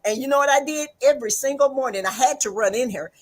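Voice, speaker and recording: A woman's voice: high voice, fast. A woman guest on a live stream panel, telling a story emphatically over a video call. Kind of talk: casual panel talk.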